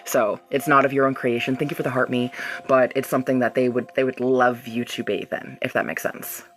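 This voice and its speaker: A woman's voice: extremely low pitch, fairly even intonation, fairly quick. A woman hosting a live-streamed reiki healing session. She talks straight to her viewers and reads out their comments in a loose, chatty way, laughing often. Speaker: reiki healer hosting a livestream.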